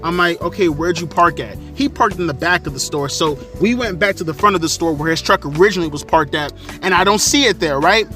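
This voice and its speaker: A man from South Florida rants through a story in a high, bright voice, swearing freely and getting more heated as he talks. Faint music plays behind him. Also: fast talker, few pauses. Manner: profane, heated, animated retelling. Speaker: storyteller vlogger. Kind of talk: casual storytelling rant.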